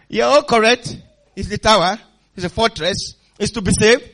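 A man's voice: sits high, very animated, a little slow, pauses often. A man preaching a sermon as pastor, emphatic and calling for responses from the congregation, often laughing. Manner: laughs often, swings loud and soft.

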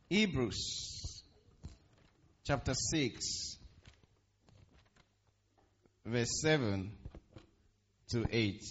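A man's voice: medium pitch, lo-fi sound. A man preaching a sermon to a congregation, asking the room questions and repeating key phrases for emphasis. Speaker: pastor. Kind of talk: interactive sermon.

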